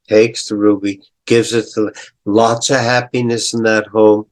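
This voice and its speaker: An older male professor retelling a story in a lecture, deliberate, clearing his throat and adding asides. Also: on the low side, little pitch movement.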